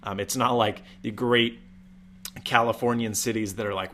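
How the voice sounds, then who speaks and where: A man hosting a casual live stream, talking in a chatty way with deliberate jumps up in pitch. He is from Utah and sits several feet from a USB mic in a room with a fan. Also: level tone, a bit bright, a little hiss or hum. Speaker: tech live-stream host.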